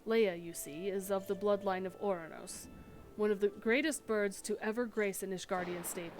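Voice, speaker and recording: Formal worried noble bird breeder guy from a game, read by a woman, mid-pitched, faint music behind. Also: fairly even intonation, normal speed, lightly acted. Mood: earnest. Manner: formal old-fashioned speech. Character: formal anxious male noble chocobo breeder.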